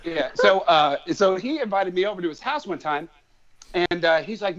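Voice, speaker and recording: A man guest on a podcast, an excitable storyteller who rambles from one anecdote to the next. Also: high voice, normal speed. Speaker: musician guest. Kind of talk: casual chat. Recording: dull lo-fi podcast audio.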